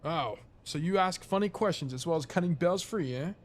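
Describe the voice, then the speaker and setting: A man's voice: a little high, normal speed, close to an everyday voice. A man voicing a grouchy male bug caretaker in a put-on English accent, reading game dialogue aloud and scolding.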